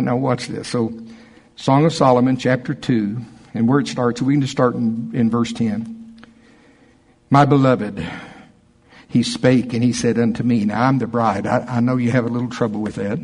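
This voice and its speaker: A man preaching a sermon to his congregation, animated and excitable, slowing down to read scripture with care. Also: medium pitch, breathy edge. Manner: animated, excitable, breaks into laughter and shouts; reads scripture slowly and deliberately. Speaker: pastor.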